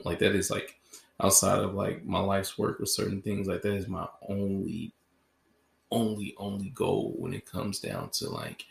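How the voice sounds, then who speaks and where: A man's voice: deep voice, vocal fry. A man hosting a podcast in a casual closing monologue, rambling and full of "like" fillers. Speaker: podcast host. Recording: roomy echo.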